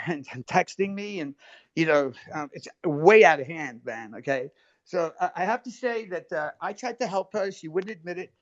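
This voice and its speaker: Agitated high-voiced man on a live stream. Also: no echo. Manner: agitated, defensive, swearing, keeps cutting in. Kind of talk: heated live-stream argument. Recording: dull lo-fi stream audio.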